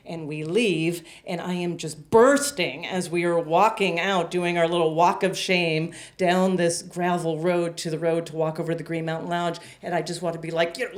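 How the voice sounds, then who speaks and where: A woman telling a personal story on a small theater stage, lively and acting out her own dialogue. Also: moderate pace, hardly any pauses. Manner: animated, acts out dialogue in a high excited voice. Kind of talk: live storytelling.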